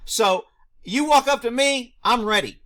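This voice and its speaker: Guy with a high voice ranting over a news clip, asks himself questions then answers, loud mocking bits. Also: unhurried. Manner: animated, rhetorical questions, answers himself, mocking shouted asides. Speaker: video commentator; former police officer. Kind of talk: reaction commentary on a news clip.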